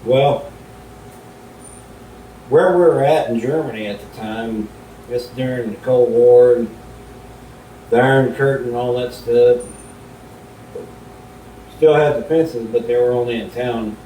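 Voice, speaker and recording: A middle-aged man, a vlogger, telling folksy stories in a laid-back, unhurried way while he cooks at home, away from the camera. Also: mellow. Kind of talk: casual storytelling while cooking. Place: home kitchen. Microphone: camera left far from the speaker. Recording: roomy and distant, faint rumble.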